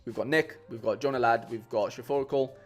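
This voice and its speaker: A man chats casually to his live-stream viewers in a middle-pitched voice, rambling with plenty of fillers and restarts. Faint music plays quietly behind him. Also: fairly even intonation, fast talker. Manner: chatty, rambling, many fillers and restarts, says "mate" a lot. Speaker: streamer building fantasy football lineups.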